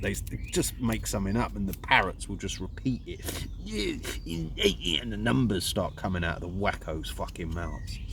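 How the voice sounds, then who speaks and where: A man from Luton, England, his voice on the low side amid slight background noise, rambles indignantly in a Luton accent, swearing all the way through his rant.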